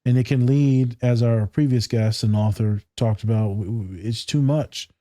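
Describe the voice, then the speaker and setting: Man, podcast host, from Michigan, warm dark tone, dry recording, animated profane storytelling. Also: medium pitch, moderate pace, no room sound. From Michigan, USA. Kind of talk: casual podcast conversation.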